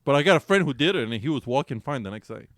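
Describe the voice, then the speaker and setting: A podcast co-host tells a raunchy story very fast, swearing freely and laughing as an animated, profane storyteller. His voice is at an ordinary middle pitch, and the sound is dry and close with no echo or room around it.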